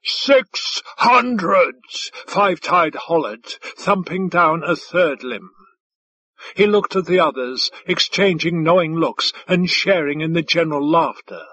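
Male reader, measured delivery, slightly high husky voice, very slow, dry close mic. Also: fairly bright tone, dry recording. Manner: measured, deliberate. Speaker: audiobook narrator. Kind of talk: scripted narration.

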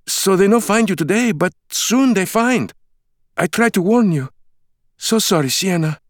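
Male narrator playing a frantic woman, thick Eastern European accent, broken English, pushed up high. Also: lively intonation, measured pace, dry recording, clean studio sound. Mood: panicked. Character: panicked middle-aged hospital coworker woman. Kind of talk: audiobook character voice.

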